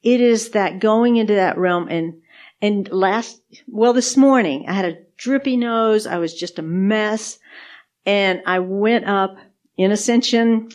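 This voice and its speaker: A woman's voice: medium pitch, unhurried, darkish tone. A woman co-hosting a podcast, sharing faith testimonies in casual chat, earnest and repeating words for emphasis. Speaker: podcast co-host.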